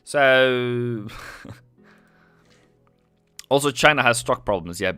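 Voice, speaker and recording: A man's voice: medium pitch, extremely slow, sharp tone, clean tone, no echo, faint music behind. A man with a Norwegian accent, a native Norwegian speaker, hosting a casual trading live stream, joking and chatting with viewers. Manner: joking, chatty, reads chat aloud.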